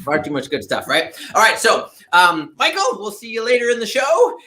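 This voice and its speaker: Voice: mid-range voice, wildly swooping pitch, moderate pace, pushed and bright. A performer voicing a silly, playful puppet who hosts a kids' show and sings bouncy, giggly word games. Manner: bouncy, giggly, sing-song.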